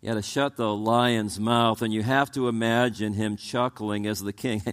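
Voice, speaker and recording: A man's voice: fairly low pitch, fairly even intonation, moderate pace, few pauses, clean tone. A man preaching a sermon as pastor, asking the congregation rhetorical questions and often stumbling over repeated words as he restarts his sentences.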